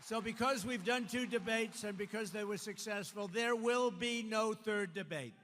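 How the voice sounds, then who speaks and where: An American man giving a campaign rally speech, with repetitive, punchy declarations that rise into shouts. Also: high-pitched, moderate pace, big-room sound, slight background noise. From United States. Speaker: political candidate. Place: large venue at a campaign event.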